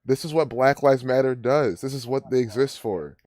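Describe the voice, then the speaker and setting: A man's voice: mid-range voice, normal speed, a little mellow, dry recording, studio quality. A man hosting a live stream, ranting and rambling with many restarts as he comments. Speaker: livestream host.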